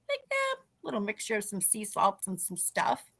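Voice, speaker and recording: A woman's voice: high voice, huge pitch swings, normal speed, creaky, bright, forceful tone. A middle-aged woman telling a ghost story on a podcast in casual talk, acting out the people she quotes. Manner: acts out quoted people in dialogue. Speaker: guest telling a paranormal story.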